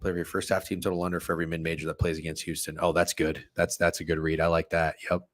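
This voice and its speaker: Young guy hosting a betting stream, swears a lot, all over the place, lowish voice, dry close sound. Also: little pitch movement, rapid-fire, no echo. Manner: profane, rambling, self-interrupting. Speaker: sports betting show host. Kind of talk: live-streamed betting chat reading chat comments.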